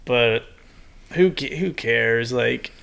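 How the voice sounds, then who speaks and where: Bright, gravelly podcast co-host. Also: male voice, mid-range voice, slow pace. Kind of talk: casual podcast chat.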